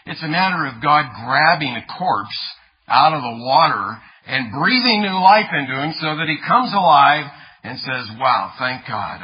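Guy preaching a sermon, kinda husky, dull muffled radio sound, gets loud and stressed on key lines. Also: mid-range voice. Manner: preaching with rising emphasis and repeated words. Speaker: pastor.

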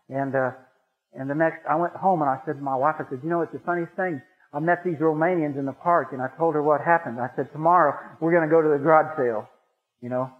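High-voiced man telling a folksy testimony. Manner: folksy, repetitive storytelling with rising fervor. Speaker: lay Christian speaker giving a testimony. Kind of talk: personal testimony storytelling. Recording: tinny, phone-like radio broadcast.

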